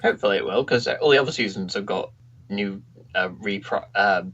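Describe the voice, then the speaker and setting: A man co-hosting a casual review podcast, easygoing and a little hesitant, quick to laugh. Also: lowish voice, fairly bright tone. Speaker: podcast co-host. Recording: dull lo-fi recording.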